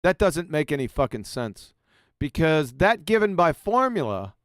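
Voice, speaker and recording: A man's voice: on the high side, very animated, moderate pace, dry recording, clean studio sound. A man giving a mocking, profane presentation over slides, sarcastically addressing an absent author as he goes. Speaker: video presenter.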